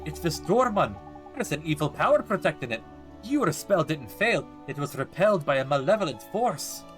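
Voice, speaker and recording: A man's voice: a little high, very animated, normal speed, faint music behind, voice pushed up. A man voicing a cheeky, chummy male fairy sidekick who talks in breezy British slang. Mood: serious.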